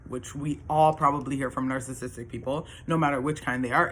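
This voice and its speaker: A woman's voice: rumbling low, fairly even intonation, a little fast, hardly any pauses, fairly bright tone, slight background noise. A woman telling her own story in a casual, earnest monologue that rambles, with many restarts and fillers.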